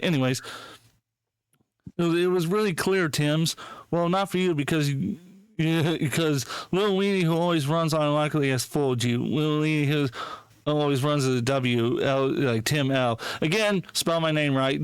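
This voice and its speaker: A man's voice: fairly high pitch, normal speed, clear, resonant tone, no room sound. A man hosting a podcast, ranting with heavy profanity, mocking and indignant, reading posts aloud and laughing. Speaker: podcast host. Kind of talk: casual podcast rant.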